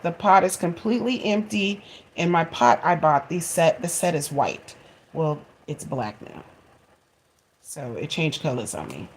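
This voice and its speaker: A woman in her forties telling a funny home story to her viewers in a chatty, expressive way and laughing at herself. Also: fairly low pitch. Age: 40s. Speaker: vlogger. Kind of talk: casual storytelling to camera.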